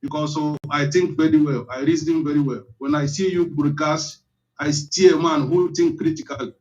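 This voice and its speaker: A man's voice: fairly high pitch, level tone, normal speed, darkish tone. A man with a Nigerian Igbo accent, calling in and speaking with passion, mixing Igbo and English. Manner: impassioned, repetitive. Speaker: caller. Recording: muffled phone-in audio.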